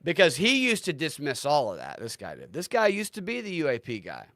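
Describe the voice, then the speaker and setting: A man's voice: on the high side, huge pitch swings, fairly quick, fairly bright tone, dry recording, studio quality. A man hosting a livestream, talking casually in a sarcastic, ranting way and swearing freely. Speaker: livestream host.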